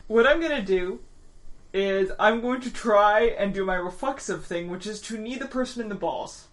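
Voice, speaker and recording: A woman's voice: medium pitch, moderate pace, heavy background noise. A woman playing in a tabletop game, talking casually and hesitantly with many fillers. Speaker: player. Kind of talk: casual tabletop role-play.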